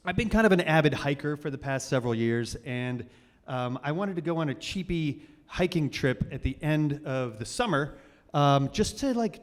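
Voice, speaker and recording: A man in his forties hosting a live storytelling show, rambling and self-deprecating, with many fillers and restarts. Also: fairly high pitch. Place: stage of a cultural center hall. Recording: reverberant live hall.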